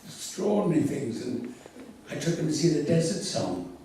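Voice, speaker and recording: A man's voice: a little high, moderate pace. Older man, theatrical anecdotes, distant mic, very echoey hall, faint noise. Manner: theatrical, animated storyteller with laughs. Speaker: convention guest. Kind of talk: anecdotal storytelling. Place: convention hall.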